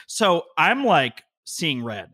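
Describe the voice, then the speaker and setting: A man telling a long personal story from his home office, in an animated, heated way with quick bursts of speech. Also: fairly high pitch. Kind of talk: conversational storytelling.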